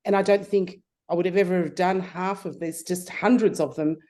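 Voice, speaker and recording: A middle-aged woman spins an anecdote in a relaxed interview, her pitch leaping whenever she acts out what someone said. Her voice sits fairly low and sounds warm and mellow. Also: moderate pace. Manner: animated storyteller, acts out voices with big pitch jumps. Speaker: guest. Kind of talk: casual interview storytelling.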